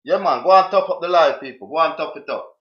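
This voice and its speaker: A man's voice: fairly high pitch, quick pace. A man commenting on a played clip. He is emphatic and repeats his questions to drive the point home. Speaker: streamer reacting to a clip. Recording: roomy, dull lo-fi sound.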